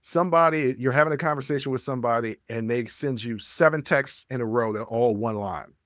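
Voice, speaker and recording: A man's voice: mid-range voice, fairly quick, a bit bright, no room sound, studio quality. A man in his thirties hosting a podcast in casual chat, telling stories emphatically and talking to his listeners. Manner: storytelling, emphatic, addresses listeners. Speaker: podcast host.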